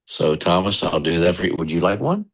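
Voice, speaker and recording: American radio DJ guest, deep and gravelly, spins loose anecdotes. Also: male voice, lively intonation, a little fast. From United States. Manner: chatty, rambling anecdotes. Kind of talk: casual storytelling interview.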